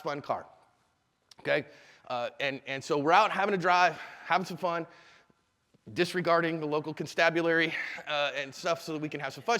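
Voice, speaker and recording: A middle-aged man with a fairly high voice leads a live seminar in a convention hall, telling stories with lively energy and slipping into the voices of the people he describes. His voice rings with a long, echoey hall reverb. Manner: animated storyteller, acts out quotes. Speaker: self-defense instructor.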